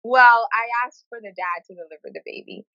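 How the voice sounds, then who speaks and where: A woman speaking frankly in a conversational interview, telling her story with animated quoted asides. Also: on the high side, fairly quick, smooth, no room sound, dull audio. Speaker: guest sharing her experience.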